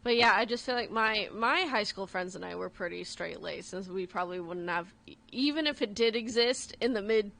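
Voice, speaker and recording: A woman's voice: mid-range voice, a little fast, gravelly, a bit bright. A woman co-hosting a radio show in a studio, chatty and self-deprecating, giggling often. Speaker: radio co-host. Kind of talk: casual studio chat.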